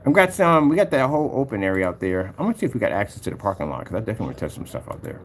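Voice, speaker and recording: Boastful man, lively swinging pitch, rambling vlog delivery with light background noise. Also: racing. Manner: rambling, hums filler sounds, boastful, combative. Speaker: projector screen paint maker. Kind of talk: rambling screen-recording vlog.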